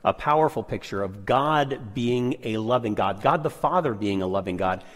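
A man's voice: fairly low pitch, expressive, moderate pace, long reverb tail. A man co-presenting a sermon, reading scripture aloud and affirming the main speaker. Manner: affirming, keeps saying "that's right". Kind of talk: sermon dialogue.

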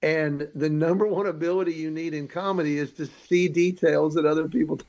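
Male comedian guest, lively storyteller, voices in his quotes, a little high-pitched. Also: moderate pace, highs cut off. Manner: animated, acts out quoted voices. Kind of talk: storytelling interview.

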